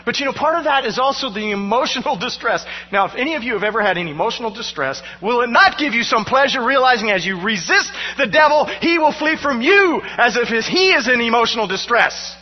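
A male pastor preaching a sermon through personal stories, animated and poking fun at himself with frequent laughter. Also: extremely high pitch, a little fast, few pauses, husky. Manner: animated, self-mocking, laughing between lines. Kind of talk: storytelling sermon. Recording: dull sound with long hall reverb.

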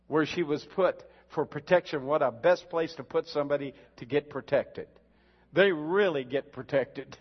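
A pastor preaching a sermon and reading scripture, emphatic and building to shouts, with slow, drawn-out reading of the verses. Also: male voice, a little high, breathy edge. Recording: dull lo-fi sound in a reverberant hall.

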